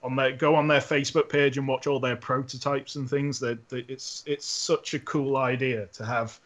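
A man co-hosting a casual podcast, telling an animated story with frequent laughs and restarts. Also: mid-range voice, moderate pace. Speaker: podcast co-host and robot builder. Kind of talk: casual chat.

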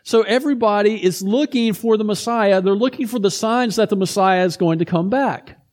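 A man with a notably high voice delivering a sermon. He talks in a conversational, storytelling manner, with lively asides to his listeners. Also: normal speed. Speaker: preacher.

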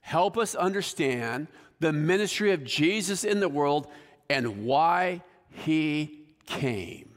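A man's voice: on the high side, expressive, slow, long reverb tail. A male pastor giving a conversational sermon and putting questions to the congregation.

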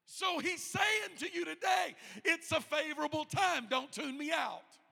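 High, gravelly preacher in a reverberant hall. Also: male voice, measured pace. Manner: builds from quiet storytelling to shouted preaching. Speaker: pastor. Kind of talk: sermon. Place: church sanctuary.

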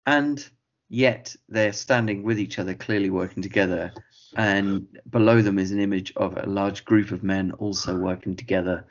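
A man co-hosting a casual film podcast, chiming in with quick, wry remarks. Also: sits low, steady tone. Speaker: podcast co-host. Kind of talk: casual film review chat. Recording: dull lo-fi audio.

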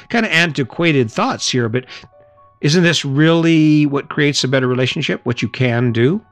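A man's voice: a little high, expressive, moderate pace, faint music behind. A middle-aged man hosting a motivational podcast, talking casually and acting out short everyday exchanges. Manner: casual, chatty, laughs and acts out little scenes. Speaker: podcast host.

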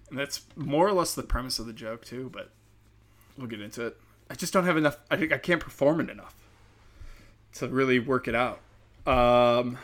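Male comic, podcast host, rambling and profane, mild speech impediment, mid-pitched. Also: a bit bright. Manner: rambling, profane, many fillers. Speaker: stand-up comedian and podcast host. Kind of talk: casual podcast monologue.

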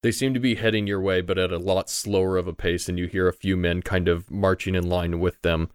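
A man narrating as game master, relaxed and full of fillers. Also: sits low, a little fast, clean tone, no room sound, studio quality.

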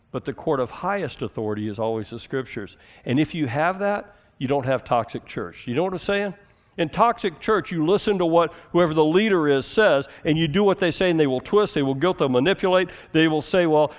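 Conversational male pastor preaching a sermon. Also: fairly high pitch. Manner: conversational, asks the congregation questions.

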